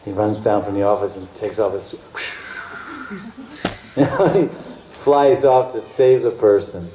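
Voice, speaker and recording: A man's voice: lowish voice, very animated, takes it slowly. A man giving a devotional storytelling lecture as a spiritual teacher, emotive and repetitive, now and then slipping into chanted song. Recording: echoey room, faint background noise.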